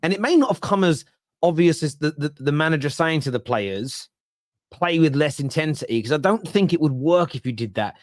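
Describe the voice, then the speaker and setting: A man co-hosting a football podcast, making measured points in a casual debate. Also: fairly high pitch, lively intonation, no echo, clean studio sound. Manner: measured, reasoned, gently teasing.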